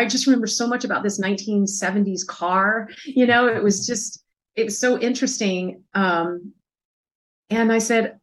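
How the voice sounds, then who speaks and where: A woman in her fifties telling a personal story as an interview guest, soft and reflective, pausing often with hesitant fillers. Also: mid-range voice, rough recording.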